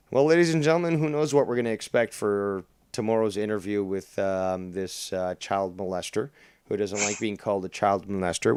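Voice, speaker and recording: A man's voice: on the low side, a little mellow, slight background noise. A man hosting a casual online show, sarcastic and profane, joking about the people he discusses. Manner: profane, sarcastic, laughs at insults. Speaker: host. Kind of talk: casual crude drama chat.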